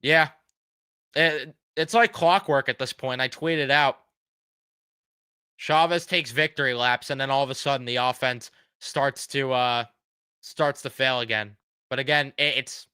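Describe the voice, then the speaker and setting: Frustrated man ranting, crisp bright voice. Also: mid-range voice, a little slow, no room sound, studio quality. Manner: frustrated, blunt, sarcastic. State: losing his voice. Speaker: sports fan show host. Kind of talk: ranting fan reaction.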